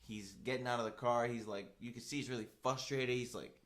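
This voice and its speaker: A man's voice: mid-range voice, brisk. A young man co-hosting a podcast, telling a story in casual chat, acting out the people he quotes and leaning on "like" a lot. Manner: animated storyteller, acts out quoted people, heavy "like" fillers. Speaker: podcast co-host.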